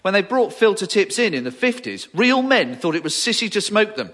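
A man delivers sketch-comedy lines in a wry, lively way. His voice is high and bright, with a very wide, animated pitch range. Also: fairly quick.

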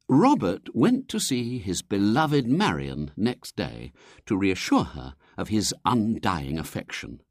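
Lively, wide-ranging storybook narrator. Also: no echo, studio quality. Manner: lively, very expressive reading with wide pitch swings. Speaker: audiobook narrator. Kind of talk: storybook reading.

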